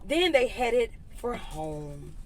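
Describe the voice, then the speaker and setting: A woman reading a picture book aloud for kids, animated, with giggly asides to her young listeners. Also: on the high side, drawn-out words. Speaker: children's story reader. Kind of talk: read-aloud story time for kids.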